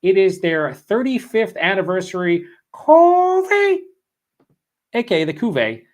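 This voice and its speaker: Young man, fairly high voice, loose profane rambling, worn voice, live-stream chat host. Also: sing-song, a little slow. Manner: profane, rambling, reads chat comments aloud. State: voice worn after hours of streaming. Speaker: beer vlog host.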